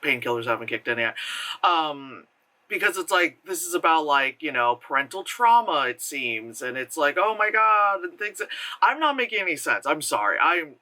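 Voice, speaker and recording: A man's voice: a little high, big pitch swings, normal speed, sharp tone, low-quality recording. An American man in pain, reviewing a movie in a rambling, sarcastic way, often interrupting himself and laughing. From United States.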